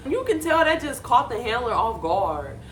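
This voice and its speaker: A young woman giving blunt, profane, animated commentary on a reality show. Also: a little high, moderate pace, a little hiss or hum. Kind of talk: casual reaction commentary.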